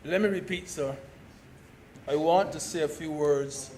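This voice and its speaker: A man from Barbados giving a parliamentary speech as a senator, slow and deliberate, stressing key words. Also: on the high side, background noise. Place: senate chamber.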